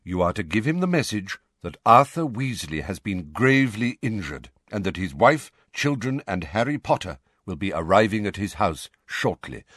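A man voicing an old male headmaster wizard who speaks calmly and gravely in a storybook reading. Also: fairly low pitch, no room sound, studio quality, heavily acted. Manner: calm, grave, measured.

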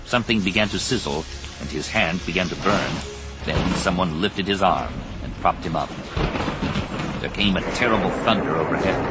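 A man narrating an audiobook with measured, dramatic storytelling. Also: low voice, rough recording. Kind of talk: scripted narration. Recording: narration over a music score. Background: music.

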